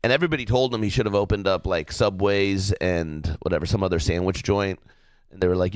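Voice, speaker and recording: A man's voice: low-pitched, a little fast, clean tone, no room sound. A man chatting casually on a podcast as a guest comedian, telling laid-back, swearing family stories. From Southern California.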